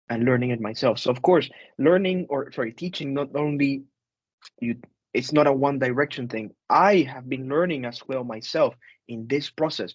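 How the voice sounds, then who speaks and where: A man's voice: medium pitch, husky, no echo, dull audio. A man, an instructor, leading a casual group discussion over a video call, chatty, with fillers and repeated phrases.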